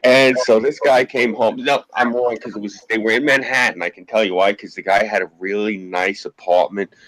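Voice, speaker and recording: A man's voice: on the low side, fairly even intonation, normal speed, fairly bright tone, no echo, rough recording. A man telling rambling, profane anecdotes in a casual chat, acting out what people said. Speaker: podcast co-host.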